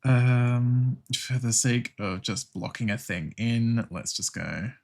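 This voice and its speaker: A young Australian man streaming while he draws, thinking out loud in casual chat, laughing often and swearing freely. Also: mid-range voice, steady tone, slow, gravelly.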